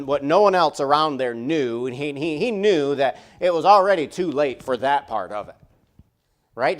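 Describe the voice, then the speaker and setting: A man preaching a sermon in a church, conversational and repetitive, full of rhetorical questions. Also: on the high side. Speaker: pastor. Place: church sanctuary.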